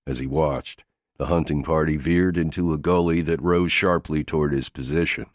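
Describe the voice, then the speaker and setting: A man narrating an action thriller audiobook in a steady, gritty delivery. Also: extremely low pitch, normal speed, no echo, clean studio sound.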